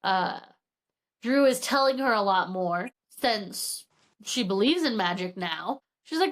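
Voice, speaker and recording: A woman's voice: medium pitch, animated, a little slow. A woman co-hosting a podcast, casually retelling a novel's plot, acting out characters' lines and using "like" a lot. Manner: swears casually. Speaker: podcast co-host. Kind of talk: casual book chat.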